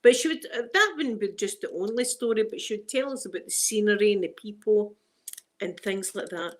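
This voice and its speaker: A woman's voice: medium pitch, a little fast. Chatty Glaswegian woman. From Scotland. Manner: chatty, laughs often, strong Scots phrasing. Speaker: ASMR livestream host. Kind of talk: casual chat with viewers.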